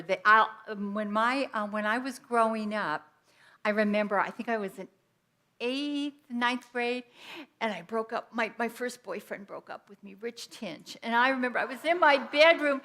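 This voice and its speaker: A woman's voice: on the high side, pushed and bright. A woman giving an inspirational sermon at a Sunday church service, speaking conversationally and telling personal stories. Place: church sanctuary.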